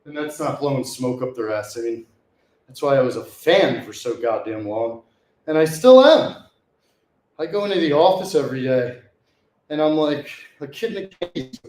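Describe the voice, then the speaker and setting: A male fitness vlogger talks to the camera mid-workout in casual, profane vlog style, hyping himself up between sets and sometimes short of breath. His medium-pitched voice is a little mellow, moves at a moderate pace, and echoes around the room.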